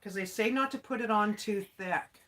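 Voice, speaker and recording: A woman's voice: mid-range voice, normal speed, fairly bright tone, a little hiss or hum. A woman from Alberta hosting a casual livestream while crafting, chatty and folksy, laughing often. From Alberta, Canada. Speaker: livestream host.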